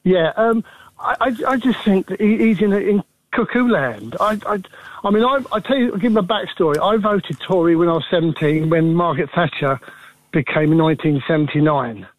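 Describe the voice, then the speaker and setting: A man's voice: high-pitched, brisk, no echo, low-quality recording. A man in his sixties from England calling a radio phone-in, talking with many fillers and restarts. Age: 60s. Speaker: caller.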